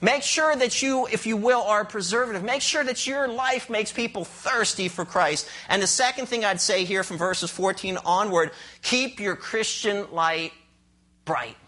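A man's voice: high-pitched, measured pace, bright, forceful tone. A male pastor preaching a sermon with emphatic delivery and frequent rhetorical questions to his congregation.

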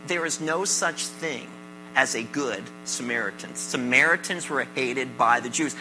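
A pastor giving a sermon to a congregation, mixing jokes with scripture and calling on listeners with quick questions. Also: mid-range voice, low-quality recording. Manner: calls on the congregation with "right?" and questions. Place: church service before a congregation.

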